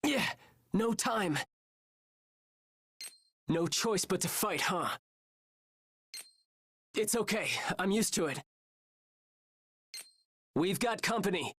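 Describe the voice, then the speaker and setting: A woman's voice: mid-range voice, animated, slow pace, long pauses, slightly rough. A young woman voicing a cheerful female monster-hunting soldier in a video game, calling out encouragement and short battle lines to her teammates. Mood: upbeat. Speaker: game character voice.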